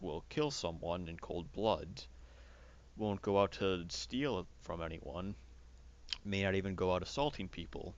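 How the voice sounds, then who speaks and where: Gravelly low-voiced man musing aloud. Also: highs cut off. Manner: rambling, halting restarts. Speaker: podcast host. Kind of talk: casual philosophical chat.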